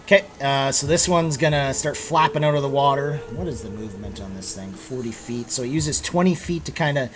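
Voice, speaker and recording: A man's voice: mid-range voice, a little fast, few pauses, background noise. A man running a tabletop game, explaining rules with lots of fillers and restarts. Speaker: game master.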